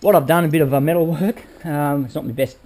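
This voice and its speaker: A man's voice: fairly high pitch, quick pace, mellow, soft background music. A man casually talking viewers through a motorbike build in his workshop, rambling and checking in with "all right?" as he goes. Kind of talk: casual workshop how-to talk.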